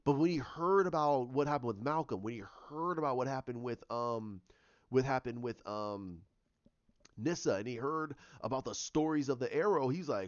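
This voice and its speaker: A man giving a ranting commentary, animated and repetitive, often restarting his sentences. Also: a little high, moderate pace, no room sound, muffled recording. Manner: animated, repeats himself, many restarts.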